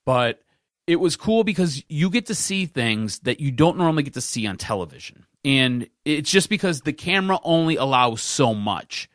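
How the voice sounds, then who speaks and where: A man's voice: on the high side, very animated, normal speed, a bit bright, no room sound, studio quality. A man hosting a sports podcast, ranting in casual talk and repeating himself for emphasis.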